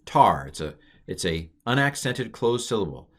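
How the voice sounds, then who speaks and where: A middle-aged man calmly explaining a language lesson in a recorded online course, with frequent ums and uhs. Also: lowish voice, moderate pace. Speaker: Hebrew teacher.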